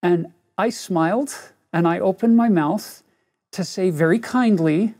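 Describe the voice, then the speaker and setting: A man's voice: on the high side, lively intonation, normal speed, creaky, a little mellow, slightly rough. A middle-aged man teaching a scripture lesson, telling a personal story in an earnest way and speaking straight to his listeners. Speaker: religion teacher.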